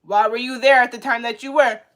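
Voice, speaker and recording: Brief: woman livestreamer, fairly high voice, blunt and cussing, goes from loud to muttering. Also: fairly quick. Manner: blunt, profane, animated, swings from loud to muttering. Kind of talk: casual rant to viewers.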